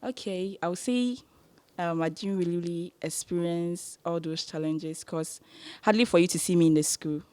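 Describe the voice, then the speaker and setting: Low-voiced young woman, dry sound. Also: moderate pace, darkish tone, dry recording. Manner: playful, joking, laughs mid-sentence. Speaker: podcast co-host. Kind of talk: casual chat.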